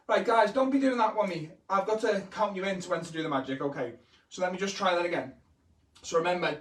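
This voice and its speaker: Man, kids' entertainer, playful and over the top, high-pitched, roomy echo. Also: quick pace. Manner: bouncy, exaggerated, playfully teasing the young audience. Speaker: children's entertainer and magician. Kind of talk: live-streamed magic lesson for kids. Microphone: camera held by his wife. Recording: echoey room, voice from the camera's distance.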